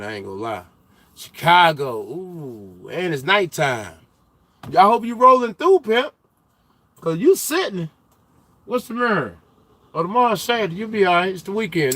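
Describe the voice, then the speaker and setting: A young man hosts a trucking livestream, trading banter with his viewers in heavy slang. His voice sits a little on the high side, and he gets loud and animated when he teases the chatters. Between the jokes he talks plainly and casually about life on the road. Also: moderate pace. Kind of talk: casual livestream chat, reading viewer comments.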